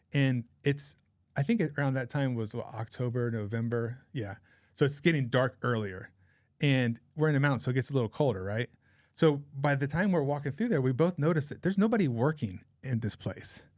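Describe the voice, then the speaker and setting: A man's voice: medium pitch, brisk, darkish tone, no room sound, studio quality. A man in his forties, a podcast guest, telling a rambling personal anecdote in a casual, chatty way. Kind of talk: casual storytelling.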